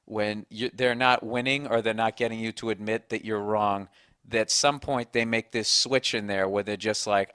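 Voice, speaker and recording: A man's voice: fairly low pitch, steady tone, normal speed, a bit bright, clear, resonant tone, dry recording, clean studio sound. A man hosting a podcast, talking in a blunt, profane, ranting way, mocking himself as he goes. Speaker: podcast host. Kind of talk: casual chat.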